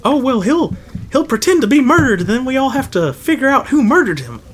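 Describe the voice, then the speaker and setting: A man voicing a gentle, frail elderly woman with a quavering, polite manner. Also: very high-pitched, big pitch swings, fairly quick, slight background noise, voice pushed up. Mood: matter-of-fact.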